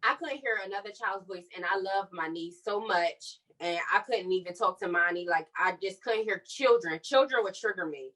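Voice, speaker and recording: A young woman telling her personal story on a podcast, candid and animated, acting out what others said. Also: mid-range voice, moderate pace, hardly any pauses, recorded from a distance, rough recording. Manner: candid, animated retelling with quoted dialogue. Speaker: podcast co-host.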